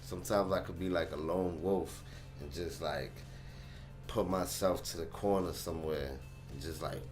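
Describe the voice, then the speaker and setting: A young man telling a personal story to his vlog audience in an animated, slangy way. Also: deep voice, moderate pace, over music. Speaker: channel host.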